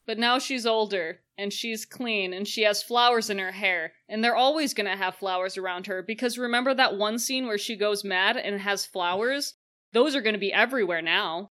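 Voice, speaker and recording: Sarcastic woman co-host with a sharp, bright tone, casual review chat. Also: mid-range voice, moderate pace. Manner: sarcastic, acts out silly quoted voices. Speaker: podcast co-host.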